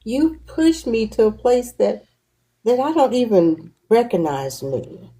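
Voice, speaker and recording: A woman hosting a talk show, telling her own stories in a slow, reflective way. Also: fairly high pitch, very animated, warm tone, poor audio. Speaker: host. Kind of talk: casual conversation.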